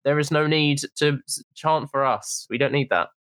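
A man's voice: on the high side, normal speed, fairly bright tone, clear, resonant tone, no echo. A young man co-hosting a casual podcast, talking in an indignant, sarcastic way. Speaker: podcast co-host. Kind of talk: casual opinion chat.

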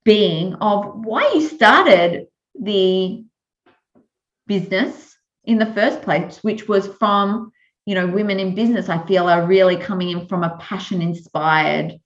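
A woman co-hosting a podcast in casual chat, reflective and quick to laugh. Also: mid-range voice. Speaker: podcast co-host. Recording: dull roomy sound.

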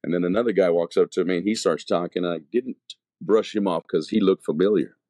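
Middle-aged male evangelist, low voice, rambling testimony in a dry room, full of "you know". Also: a little fast, warm tone, dry recording. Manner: storytelling, acting out past dialogue. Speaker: evangelist telling his testimony. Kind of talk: casual spoken testimony.

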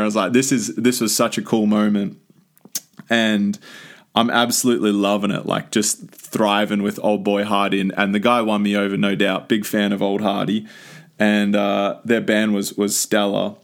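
A young man with an Australian accent, telling a rambling, enthusiastic story as a podcast host with lots of restarts. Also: lowish voice. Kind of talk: casual storytelling monologue.

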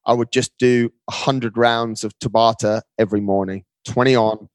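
Guest voice: energetic, emphatic man, frequent "mate", dry close sound. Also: on the low side, normal speed, no room sound. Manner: upbeat, emphatic, keeps calling the listener mate. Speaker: guest, marathon runner. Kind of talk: casual interview talk.

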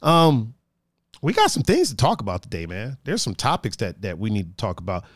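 In a fairly low voice and at a fairly quick clip, a man hosting a podcast spins stories in loose conversation, cursing liberally. The sound is clean studio audio without echo.

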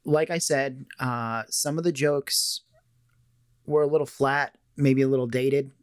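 A man giving his thoughts on a film in a relaxed, hesitant way, pausing on ums and restarting his sentences. His voice is at an ordinary middle pitch, and the recording is dry and close with no room echo. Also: smooth. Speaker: podcast co-host. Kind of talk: casual movie review chat.

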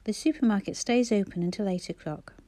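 A woman's voice: medium pitch, fairly quick, dark tone, lightly acted. A woman voicing a polite, considerate young man in a storybook. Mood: earnest. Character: kind, helpful young man, earnest.

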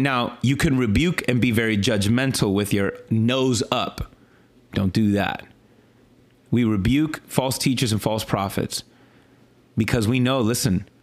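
A pastor goes back over his sermon in a relaxed but lively manner, often stumbling and starting sentences over. His voice shifts from high-pitched exclaims down to low, sincere remarks.

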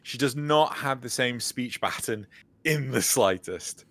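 A man co-hosting a casual podcast chat, telling stories with lively energy and acting out quotes. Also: mid-range voice, a little slow, dry recording. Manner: animated storyteller, acts out quotes. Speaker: podcast co-host.

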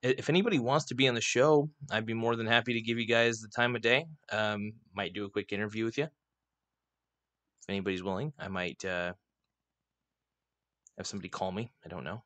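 A low-voiced man hosting a loose, unscripted livestream. He rambles and swears freely, talking into a desk microphone. The sound is dry and close. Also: fairly even intonation, fairly quick, long pauses, fairly bright tone, no echo. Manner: rambling, profane, irreverent. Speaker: livestream host. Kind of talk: casual livestream rant. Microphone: desk microphone, not clipped on.

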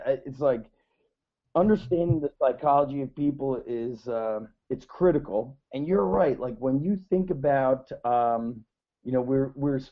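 A man's voice: medium pitch, dull audio. A man co-hosting a podcast, talking in a casual, hesitant and agreeable way. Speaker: podcast co-host.

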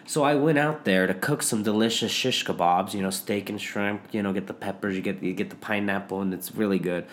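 A man's voice: on the low side, fairly quick, hardly any pauses, a little hiss or hum. A young man hosting a podcast, telling rambling stories with restarts and laughs. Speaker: podcast host. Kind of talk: casual chat.

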